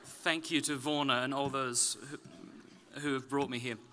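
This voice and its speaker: A man from Australia with a softened Australian accent gives a public talk at a conference, with wry, self-deprecating humor. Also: medium pitch, steady tone, measured pace, a little hiss or hum. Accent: Australian, softened toward British. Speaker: conference speaker. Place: conference stage.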